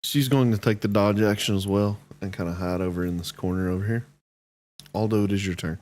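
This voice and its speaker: Chill guy dming a tabletop game, kinda low voice, jokey. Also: steady tone, a little fast, darkish tone. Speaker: game master.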